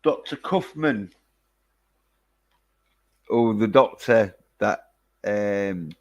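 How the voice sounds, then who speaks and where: A man's voice: on the low side, expressive, extremely slow, a little mellow, highs cut off. A man casually chatting through a film review, rambling with lots of fillers and casual swearing. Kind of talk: casual chat.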